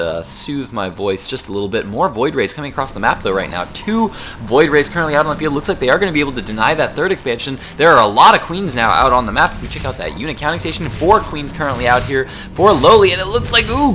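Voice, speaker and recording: A young man doing solo play-by-play commentary on a video game match, talking fast with many fillers and a rough morning voice. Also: mid-range voice, sharp tone, slight background noise. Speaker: esports caster.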